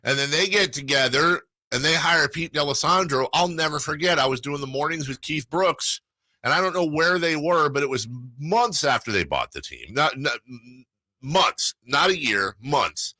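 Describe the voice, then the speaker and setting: A man hosting a sports radio show, telling animated stories in casual banter. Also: a little high, no echo. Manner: animated storyteller, excitable, quick asides. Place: radio studio.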